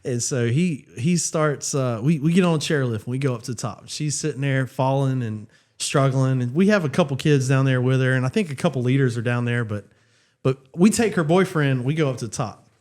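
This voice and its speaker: Animated laughing man telling a story. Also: mid-range voice, a little fast. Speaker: church youth leader, podcast co-host. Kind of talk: casual storytelling.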